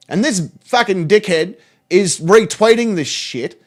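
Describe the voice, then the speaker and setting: A man's voice: high-pitched, lively intonation, moderate pace. A man with an Australian accent, hosting a channel and reacting to social media posts in a sweary, sarcastic way. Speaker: channel host.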